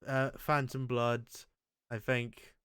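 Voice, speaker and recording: A man's voice: medium pitch, level tone, slow pace, fairly bright tone, clear, resonant tone, dry recording, studio quality. A man hosting a casual chat, rambling and crude with frequent restarts. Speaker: show host. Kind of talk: casual chat ranking anime.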